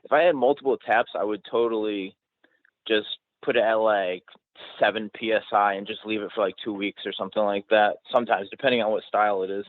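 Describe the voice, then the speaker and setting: A man's voice: on the low side, fairly even intonation, a little fast, no echo. A man hosting a podcast in casual conversation, easygoing and self-deprecating. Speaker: podcast host. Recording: dry, phone-like audio.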